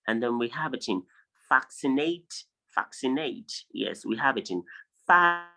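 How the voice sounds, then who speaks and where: A man's voice: mid-range voice, lively intonation, a little fast, gravelly, sharp tone, rough recording. A man teaching an online class, reading out word lists and stressing and repeating each pronunciation. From Nigeria. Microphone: video call.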